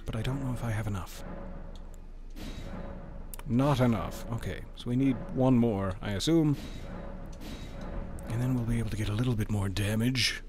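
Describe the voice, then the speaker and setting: A man's voice: medium pitch, moderate pace, long pauses, noisy background. Wry, playful man streaming a game. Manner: wry, playful banter with chat. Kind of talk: casual gameplay commentary.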